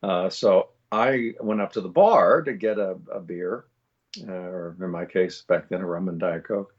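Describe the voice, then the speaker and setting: A male voice actor and guest on a live show, telling a long anecdote in an animated way with many fillers and restarts. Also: deep voice, a little slow, muffled recording.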